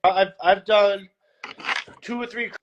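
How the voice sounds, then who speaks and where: High-voiced man telling lively stories. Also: lo-fi sound. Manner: animated storyteller, puts on quick voices in anecdotes. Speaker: guest, security director. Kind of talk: casual interview chat.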